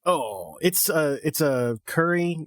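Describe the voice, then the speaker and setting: A man's voice: a little high, expressive, slow pace, fairly bright tone, no room sound. A man co-hosting a casual fan podcast, laughing often and acting out characters' lines as he talks. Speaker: podcast co-host.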